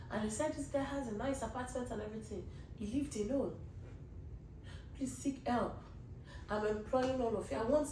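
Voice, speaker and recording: High-voiced woman pleading earnestly. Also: a little mellow, reverberant, far from the mic, a little hiss or hum, rough recording. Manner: earnest, pleading, rambling with many restarts. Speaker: podcast host. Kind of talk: casual monologue to listeners.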